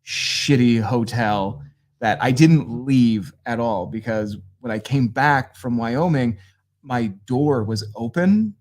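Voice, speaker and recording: A man from northeastern Pennsylvania, a guest comedian telling road stories with a casual, profane, deadpan delivery. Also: mid-range voice, slow pace. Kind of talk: casual storytelling.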